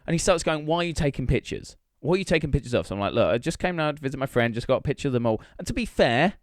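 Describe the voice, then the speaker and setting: A man's voice: medium pitch, rapid-fire, dry recording, studio quality. A young man co-hosting a podcast, telling an anecdote in casual chat, swearing freely and acting out the dialogue. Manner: animated storyteller, swears freely, acts out dialogue. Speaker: podcast co-host.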